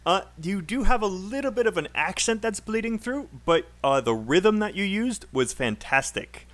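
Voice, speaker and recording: A man's voice: sits high, big pitch swings, normal speed, a bit bright. A man teaching English pronunciation in a live online class, encouraging and laughing often as he corrects students.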